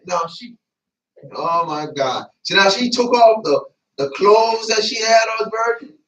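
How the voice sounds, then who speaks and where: A man preaching a sermon in a church, lively and colloquial, laughing and breaking into asides. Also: sits high, unhurried, muffled recording. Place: church sanctuary. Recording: echoey church, mic at a distance.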